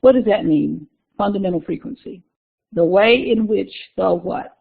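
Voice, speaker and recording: A woman's voice: medium pitch, expressive, moderate pace, gravelly, slightly rough. A woman instructor giving a conversational recorded lecture, repeating key terms and talking through her slides. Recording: tinny phone-like lecture recording.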